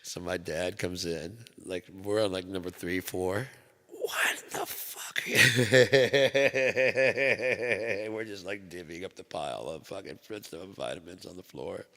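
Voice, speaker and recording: Host type: a very low-voiced man telling stories in a loose, profane ramble, with a reverb tail. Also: moderate pace, hardly any pauses. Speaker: channel host. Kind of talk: rambling solo talk. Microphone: microphone. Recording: long hall reverb.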